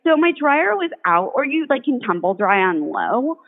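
A woman's voice: sits high, very animated, moderate pace. A woman co-hosting a podcast, talking bluntly in casual chat and swearing freely. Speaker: podcast co-host. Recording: tinny phone-line call.

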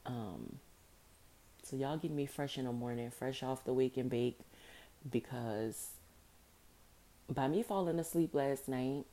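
A woman with a deep, dark voice hosts a casual solo podcast, sounding a little rough, like it's morning. She's chatty and informal and repeats phrases for emphasis.

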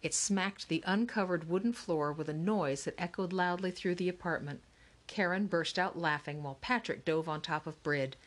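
A woman reading a children's novel aloud in a steady, clear way. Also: lowish voice, moderate pace. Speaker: audiobook narrator. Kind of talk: scripted narration of a children's novel.

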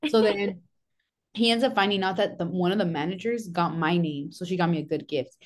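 A woman's voice: fairly low pitch, fairly quick. Blunt young woman telling stories. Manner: blunt, storytelling, swears, drops Spanish phrases. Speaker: podcast guest. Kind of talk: casual podcast chat.

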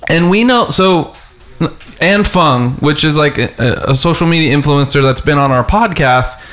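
A man hosting a podcast who asks questions in a casual, curious way and thinks out loud. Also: on the high side, moderate pace. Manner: conversational, curious, thinks aloud. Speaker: podcast host. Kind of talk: casual interview chat.

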